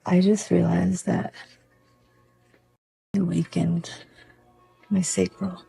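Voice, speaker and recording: A woman's voice: fairly low pitch, creaky, mellow, breathy edge, dry recording. A woman vlogging casually, rambling with many fillers and laughing often as she drives around in her car. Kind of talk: casual vlog chat. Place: car, driving.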